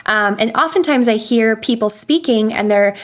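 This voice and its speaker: A woman voice coach in a podcast interview, patiently explaining vocal warm-up exercises and demonstrating hums and sighs. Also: fairly high pitch, moderate pace.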